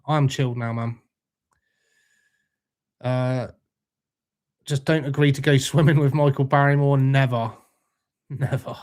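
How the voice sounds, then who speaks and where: Here a British man hosts a relaxed livestream, answering chat with jokey, profanity-laced banter. He has a medium-pitched, slightly mellow voice with fairly even intonation, a measured pace and frequent pauses.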